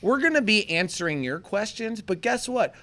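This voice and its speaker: A man co-hosting a casual livestream, excitable and laughing, jumping between loud outbursts and mumbled asides. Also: high voice, measured pace, no echo. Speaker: livestream co-host. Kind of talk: rowdy casual livestream chat.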